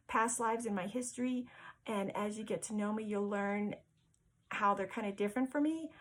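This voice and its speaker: A woman's voice: on the high side, low-quality recording. A woman vlogger and spiritual medium telling a personal story to camera, earnest and heartfelt, often stumbling over repeated words.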